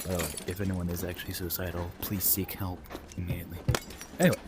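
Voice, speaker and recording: A man ranting casually and bluntly about food while playing a game, with quick asides and apologies. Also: sits low, level tone. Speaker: gameplay streamer. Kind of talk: casual rambling rant while gaming. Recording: noisy home recording.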